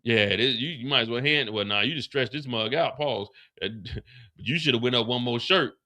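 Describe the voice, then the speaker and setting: A man hosting a livestream, casually recapping a TV episode in an animated, profane, slangy way. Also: mid-range voice, moderate pace. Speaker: livestream host.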